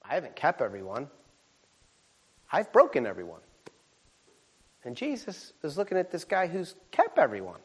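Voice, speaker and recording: A man with a high voice preaches a sermon. He is animated and self-deprecating, dropping to quiet asides and then jumping to shouted exclamations. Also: moderate pace, long pauses, breathy edge. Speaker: pastor.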